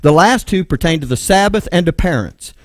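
Expressive and a little fast, a man with a Texan accent and a voice on the high side teaches from the Bible sermon-style, reading verses, explaining each in turn, and answering the questions he puts to the room. He calls for an assistant to bring up the next slide, recorded cleanly in a studio without echo.

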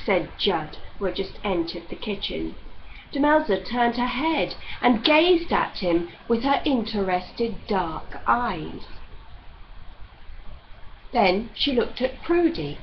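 A woman reading a novel aloud as narrator in measured storytelling, on a slightly dull recording with faint hiss. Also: medium pitch, expressive. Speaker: audiobook reader.

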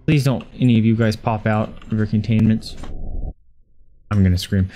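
A man with a lowish, warm voice speaks at a moderate pace with a steady tone, pausing often, faint music behind him. A gaming video host, he's doing frightened let's-play commentary on a horror game, panicking, swearing, yelping at scares, and repeating words in frantic bursts.

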